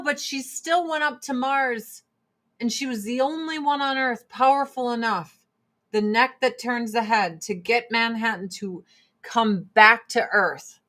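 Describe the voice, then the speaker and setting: A woman in her forties chatting casually and profanely on a livestream, answering chat between product pitches. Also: a little slow, bright, forceful tone. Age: 40s. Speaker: livestream host and Avon seller.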